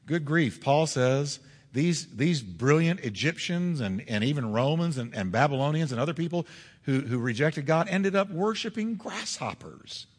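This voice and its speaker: A man's voice: fairly high pitch, animated, moderate pace, husky, in a large hall. A male pastor preaching a sermon in a church, emphatic and full of rhetorical questions. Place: church sanctuary.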